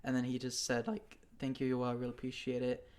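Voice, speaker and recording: A young man hosting a casual podcast chat, recalling a story in an earnest, rapid flow. His pitch is ordinary middle, and he leans on "like" as he goes. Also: completely flat delivery, darkish tone. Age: young adult. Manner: quick, earnest, with "like" fillers. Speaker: host.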